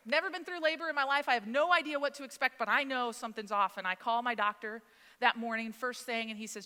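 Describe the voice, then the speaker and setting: Animated woman preaching in reverb. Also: high voice, a little fast. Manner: animated, acts out dialogue, conversational with many "like"s. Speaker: speaker at church service. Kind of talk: storytelling sermon. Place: church sanctuary. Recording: long reverb of a church hall.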